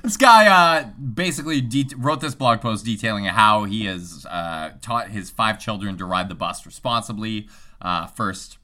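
A man's voice: fairly low pitch, unhurried, bright, forceful tone. A man co-hosting a casual podcast chat, laughing often and swearing casually. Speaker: podcast co-host.

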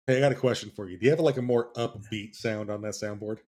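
A man's voice: on the low side, fast talker, darkish tone. A man co-hosting a comedy podcast who reads a joke public service announcement. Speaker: podcast co-host. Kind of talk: casual comedy podcast banter.

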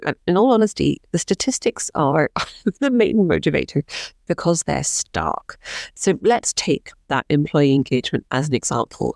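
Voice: medium pitch, a little mellow, no echo, clean studio sound. A podcast host talking solo in a chatty, self-deprecating way, with plenty of ums.

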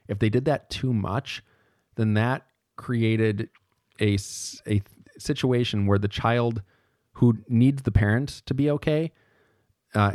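Male podcast lecturer, lowish voice, casual and conversational, self-correcting, dry close sound. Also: a little mellow, no echo.

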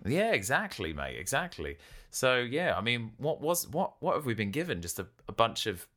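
A man's voice: medium pitch, sing-song, normal speed, fairly bright tone. A man co-hosting a podcast in casual chat, blunt and sarcastic. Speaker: podcast co-host.

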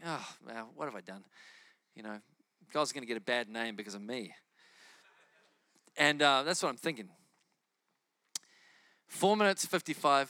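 A man preaching with a bright, forceful voice pitched a little high, telling a testimony story with lively energy and frequent laughter. The sound is dry and close, with no room echo. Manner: animated, laughs while telling stories.

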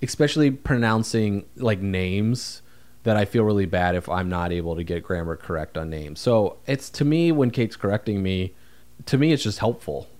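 A man's voice: on the low side, normal speed, a little mellow. A man co-hosting a podcast, talking in a rambling, easygoing, self-deprecating way. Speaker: podcast co-host. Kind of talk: casual podcast chat.

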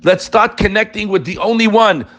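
A man's voice: sits high, moderate pace, fairly bright tone. A man teaching an informal Torah class, emphatic and addressing his listeners directly.

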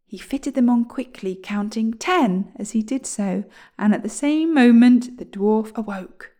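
A woman reading a children's story aloud, speaking gently and softly, often slipping into a whisper. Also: a little high, a little slow, hardly any pauses.

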